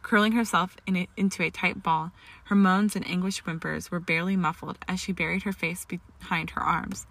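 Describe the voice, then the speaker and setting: A woman's voice: lowish voice, steady tone, normal speed, vocal fry, a bit bright. A woman reading a story aloud as narrator, with occasional slips and restarts. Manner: reads dialogue with raised emotion, small slips and restarts. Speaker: fan fiction reader. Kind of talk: audiobook-style story narration.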